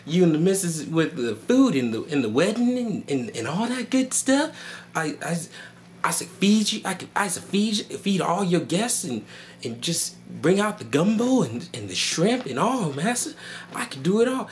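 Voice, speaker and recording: A man's voice: high voice, sing-song, moderate pace, a little hiss or hum, pitched above the performer's own voice. A man voicing a nervous, fawning male house servant who stammers and pleads. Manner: stammering, pleading, eager to please.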